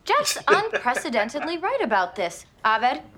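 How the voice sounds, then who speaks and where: An eager, high-voiced student. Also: female voice, huge pitch swings, moderate pace, exaggerated voice. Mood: earnest. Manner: earnest, bright enthusiasm. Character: earnest, eager young woman student. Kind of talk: sitcom acting. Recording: sitcom clip with faint music.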